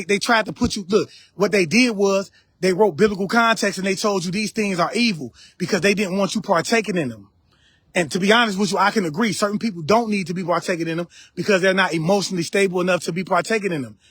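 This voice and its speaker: A man's voice: sits high, a bit bright, breathy edge, no room sound. Preachy man lecturing on a live stream. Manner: preachy, repeats phrases, addresses viewers directly. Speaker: live-stream spiritual teacher.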